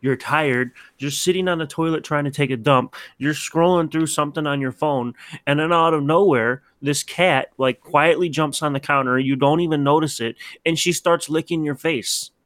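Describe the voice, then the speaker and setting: Lively man, podcast co-host. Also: a little high, moderate pace, no room sound, clean studio sound. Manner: animated storyteller, acts out his cat's voice. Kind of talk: casual chat.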